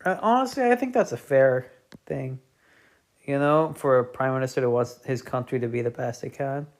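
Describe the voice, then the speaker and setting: A man's voice: medium pitch, normal speed. A British man streaming, telling a meandering comedic monologue with chatty, offhand asides.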